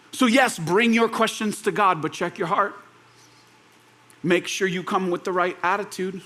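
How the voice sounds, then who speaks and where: Animated man preaching in a casual sermon. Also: high voice, moderate pace. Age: young adult. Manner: conversational and animated, with laughs and quoted voices. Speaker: pastor.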